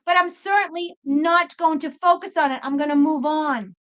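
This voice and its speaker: A woman's voice: high voice, normal speed. A woman hosting a spiritual pep talk, blunt and profane, swearing freely and with emphasis. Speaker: tarot reader and spiritual channel host. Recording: slightly dull lo-fi sound.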